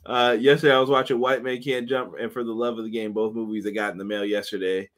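A man hosting a casual wrestling review chat, animated and joking, with a slangy manner. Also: medium pitch, fast talker. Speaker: podcast host.

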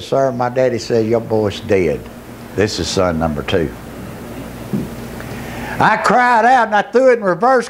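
A middle-aged man preaching his testimony as a pastor, telling his story with emotion that climbs into shouting. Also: high voice, a little hiss or hum. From Georgia, US. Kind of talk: testimony sermon.

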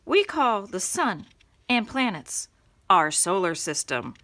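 A polite, earnest young schoolboy from a children's storybook, read by a woman, explaining things carefully and step by step. His voice is bright and lively, and he takes his time. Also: mid-range voice, slow, full character voice.

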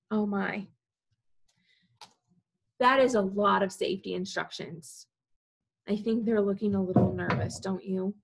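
A woman leading a library storytime, reading a picture book aloud to preschoolers in an animated way and talking to the children directly. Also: medium pitch, measured pace, vocal fry, long pauses, husky.

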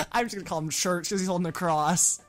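A woman giving casual, excitable commentary while playing a video game with a friend, shouting at the screen. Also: on the low side, brisk, soft background music. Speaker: let's play co-host.

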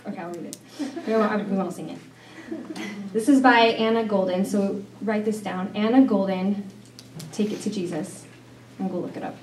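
A woman's voice: mid-range voice, fairly even intonation, moderate pace, pauses often, a little mellow, slight background noise. A middle-aged woman leading a women's Bible study, talking in a chatty, rambling way with fillers and restarts. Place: church meeting room. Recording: echoey room from far off.

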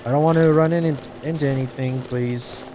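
A man giving horror game commentary, jumpy and quick to swear and scream when startled, over noisy game audio. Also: fairly high pitch, steady tone, mellow. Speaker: gameplay commentator.

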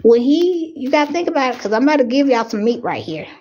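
A young woman preaches a fiery sermon in a bright, high voice. She grows emotional and pleads with herself not to cry, her passion climbing as she goes. The recording is dull and lo-fi, like a home setup. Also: big pitch swings, fast, breathy edge. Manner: emotional, fighting tears, preaching with rising fervor. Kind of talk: impassioned preaching.

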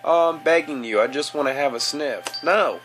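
A man's voice: fairly high pitch, moderate pace, fairly bright tone, faint music behind, voice pushed up, close to an everyday voice. A man doing a giggling hillbilly creature. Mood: wheedling. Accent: put-on Southern hillbilly. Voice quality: giggling, drawling. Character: creepy male gallery creature, greedy, begging.

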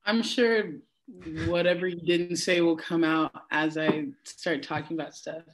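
A woman's voice: fairly low pitch, level tone, a little slow, a little hiss or hum. A young woman, a singer and worship leader, talking as a guest in a casual interview over a video call, chatty and given to laughter as she tells stories.

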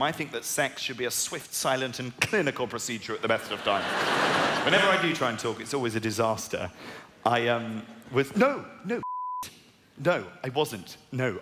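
A posh young English man doing stand-up on a big arena stage, his voice swinging lively up and down. The hall rings with long reverb and crowd noise behind him. He mocks himself and breaks into high squeaky outbursts. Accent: posh southern English. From England. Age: 20s. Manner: animated, self-mocking, with sudden high squeaky outbursts. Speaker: stand-up comedian. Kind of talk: stand-up comedy routine.

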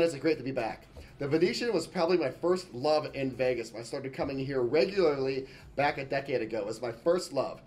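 A man's voice: medium pitch, a little mellow. A man giving a casual, enthusiastic tour of a hotel suite, chatting and thinking aloud as he walks through the rooms. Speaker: hotel reviewer. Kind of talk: casual room-tour vlog.

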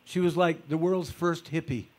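A man telling personal stories in a lecture, conversational and animated, acting out footsteps with vocal sounds. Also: on the high side, normal speed. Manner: conversational, with fillers and repeated starts. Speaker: speaker recounting personal stories. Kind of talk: storytelling lecture.

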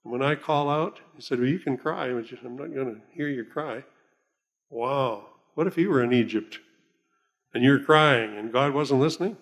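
An older man gives a sermon in a folksy, rambling way. He chuckles often and slows down when he reads scripture aloud. His voice sits at an ordinary middle pitch. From Oklahoma. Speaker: pastor.

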